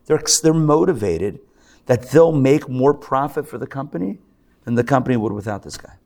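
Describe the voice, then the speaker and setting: A man teaching a live class as a rabbi, animated, acting out the voices of people he describes. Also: mid-range voice, moderate pace, creaky. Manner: animated, acts out excited and grumbling voices. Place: lecture room with a live audience.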